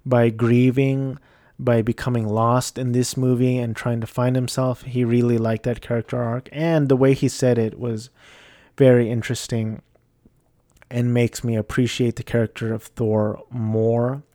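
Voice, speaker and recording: A man's voice: mid-range voice, flat delivery, a little slow, mellow, dry recording, studio quality. A man giving a casual, rambling movie review, hesitant and self-deprecating.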